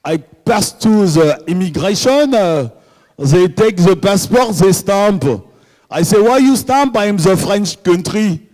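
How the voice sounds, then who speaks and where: A man's voice: mid-range voice, extremely slow, long pauses, husky, voice pushed down, low-quality recording. A man doing a bumbling mock-French traveller. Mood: comic. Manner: rambling, comic storytelling.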